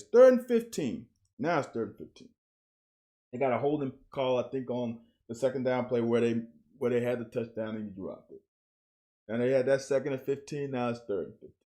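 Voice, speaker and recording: A man's voice: mid-range voice, darkish tone. A man breaking down football game film in blunt, coach-like casual commentary, picking up energy on big plays.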